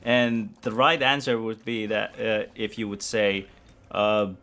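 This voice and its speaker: A man's voice: fairly low pitch, flat delivery, takes it slowly, fairly bright tone. A man streaming a video game live, chatting with viewers in a hesitant, rambling, self-mocking way. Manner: rambling, hesitant, many restarts. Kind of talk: live gameplay commentary with chat.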